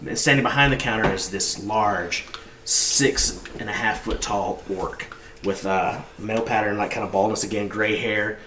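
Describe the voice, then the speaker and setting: A man's voice: on the low side, steady tone, moderate pace, few pauses. A man narrating as game master in a tabletop game, describing scenes loosely with many fillers. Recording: roomy, distant mic, background noise.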